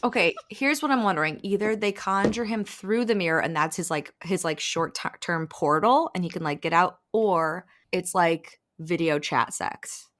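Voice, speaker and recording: A woman's voice: fairly low pitch, moderate pace, few pauses, fairly bright tone. A woman co-hosting a podcast, retelling a book plot in a chatty, profane way, full of "like" and bursts of laughter. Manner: chatty, profane, filler-heavy with frequent "like". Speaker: podcast co-host. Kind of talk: casual chat.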